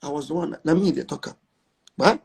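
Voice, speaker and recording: A middle-aged Nigerian man with a Nigerian accent chats casually as an interview guest, boastful and emphatic, slipping into pidgin. His voice is fairly high and slightly rough with vocal fry, and he talks fast.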